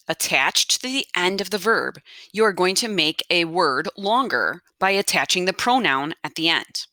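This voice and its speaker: A woman with a fairly low, bright and forceful voice teaches Spanish grammar in a recorded lesson. She's patient, repeating rules and checking in with "okay?". The audio is studio quality, with no room sound.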